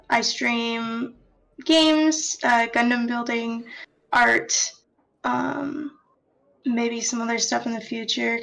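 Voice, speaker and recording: A woman's voice: on the high side, vocal fry, a bit bright, rough recording. A woman player in a tabletop game, chatting casually with tentative questions. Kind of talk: casual chat.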